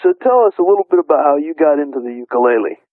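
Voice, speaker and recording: A man with a slightly higher voice interviews his guest enthusiastically. The audio is thin and dry, like an old phone recording. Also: animated, very fast, no room sound. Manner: enthusiastic, effusive. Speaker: radio interviewer. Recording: tinny, dry phone line.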